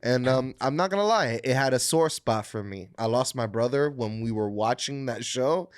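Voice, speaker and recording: A man with a mid-pitched voice on a close, dry mic chats about his week on a podcast. He jokes loosely and swears freely. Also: expressive, normal speed, no room sound. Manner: loose, joking, profane. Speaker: podcast co-host. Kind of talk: casual chat.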